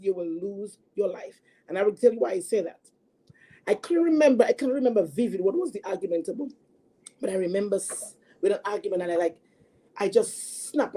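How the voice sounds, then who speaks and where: A woman talking about her own past in a halting, earnest way, often repeating herself as she recounts it. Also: mid-range voice, mellow. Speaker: guest sharing a personal story. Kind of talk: emotional personal testimony.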